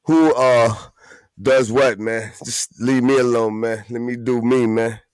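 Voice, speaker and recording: A man's voice: mid-range voice, fairly even intonation, measured pace, a little mellow, clear, resonant tone, dry recording. Laid-back man hosting from a basement. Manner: laid-back, slangy, laughing. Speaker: host. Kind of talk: casual live-stream chat.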